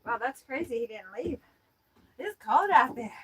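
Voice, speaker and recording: A woman's voice: high voice, lively intonation, moderate pace, breathy edge, rough recording. A woman hosting a casual birdwatching livestream from inside an RV, chatty and playful with frequent giggles. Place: indoors in an RV.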